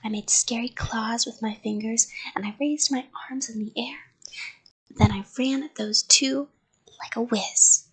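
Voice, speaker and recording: A woman reading a children's story aloud in a soft, half-whispered bedtime voice. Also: fairly high pitch, a little slow, breathy edge.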